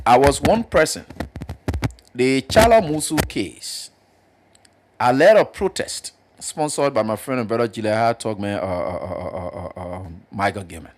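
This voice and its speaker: A man's voice: a little slow, slight background noise. A man with a Liberian English accent, speaking emphatically as a panelist on a political talk show. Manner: emphatic, animated, jumps up in pitch to press points.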